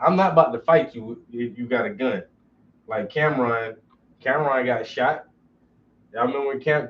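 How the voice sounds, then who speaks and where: A man's voice: medium pitch, fairly bright tone. A man telling profane, joking stories casually while he paints. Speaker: painter streaming while working. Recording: distant, dull lo-fi with faint noise.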